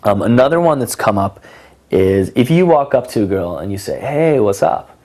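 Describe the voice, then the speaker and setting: A man's voice: on the low side, sing-song, brisk, darkish tone. A young man giving casual dating advice in a teaching monologue, full of ums and acted example lines. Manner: casual, filler-heavy, acts out both sides of conversations. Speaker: dating coach.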